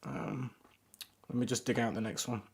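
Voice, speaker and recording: A man's voice: medium pitch, steady tone, normal speed, vocal fry, slightly rough. A man giving casual, rambling first impressions of fragrances on a live stream, often searching for words. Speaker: fragrance reviewer.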